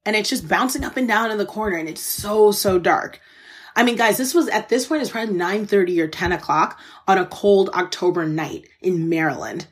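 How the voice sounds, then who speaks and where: A woman hosting a podcast, telling a personal story in an earnest, candid, conversational way, speaking straight to her listeners and openly moved by what she recalls. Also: mid-range voice. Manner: faith-filled, conversational, addresses listeners directly. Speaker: podcast host.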